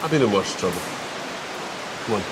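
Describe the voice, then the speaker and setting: A man playing a soap opera character who talks in a coaxing, quietly menacing way. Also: fairly low pitch, expressive, a little fast, heavy background noise, lightly acted. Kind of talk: TV drama acting.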